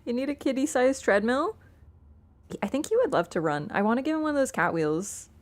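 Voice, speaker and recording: A woman's voice: high voice, sing-song, fairly quick. A woman game streamer in casual live-stream chat, playful and chatty, talking to her cat between lines and laughing easily. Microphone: wearing an earbud headset.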